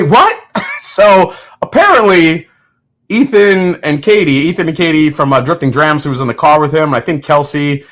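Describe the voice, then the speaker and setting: A man's voice: fairly high pitch, fairly bright tone. A man hosting his own show, chatting casually and rambling through a story with restarts and laughs, at home. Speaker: host. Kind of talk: casual chat.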